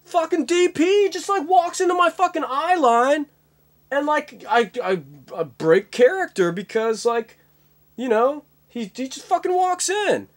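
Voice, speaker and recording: A man's voice: very high-pitched, expressive, a little fast, pitched above the performer's own voice. A man imitating an angry male film star ranting profanely and sarcastically on set. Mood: furious.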